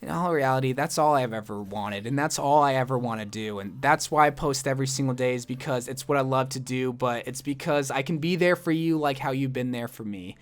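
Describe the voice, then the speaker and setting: A man's voice: medium pitch, brisk, hardly any pauses. A young man, a gaming YouTuber, telling a personal story in his vlog, earnest and self-deprecating.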